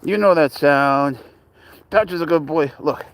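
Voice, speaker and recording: Young man, from Spain, casual pet-owner chatter, cheering and coaxing, slightly high voice, unhurried delivery. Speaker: pet owner filming his cat.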